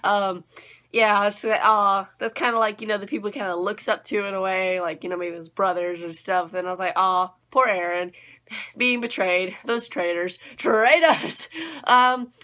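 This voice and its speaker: A young woman giving a casual anime episode review, bubbly and excitable, full of "like" and "um". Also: mid-range voice, brisk.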